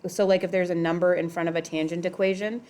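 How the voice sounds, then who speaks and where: Middle-aged woman, math teacher, somewhat low voice, casual classroom lecture, quizzes her students. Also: fairly even intonation, quick pace, darkish tone, a little hiss or hum. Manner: casual, questioning students, filler "like".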